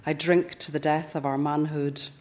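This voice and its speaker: A Northern Irish woman in her fifties reading her own reflective first-person essay in a measured way. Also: low voice, flat delivery, darkish tone. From Northern Ireland. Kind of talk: scripted first-person narration.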